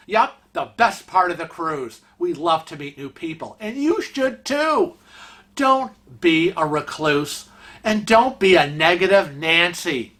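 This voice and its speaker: A man's voice: sits high, fairly bright tone. A man hosting a vlog segment on cruise etiquette, calling out bad behavior in an indignant, emphatic way. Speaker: vlog host.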